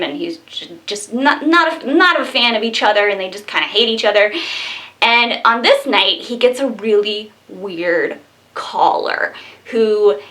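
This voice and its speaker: A young woman casually reviewing a low-budget horror film, bubbly and giggly, full of fillers. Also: sharp tone.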